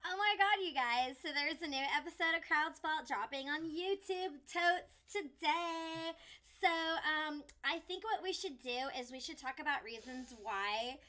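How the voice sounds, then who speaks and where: A ditzy young Valley Girl, put on by a woman, gushing in a high, sharp, bright voice. She talks loud and emphatic, with an airheaded, bubbly sparkle to every line. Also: measured pace, hardly any pauses. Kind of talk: comic character bit on a live stream.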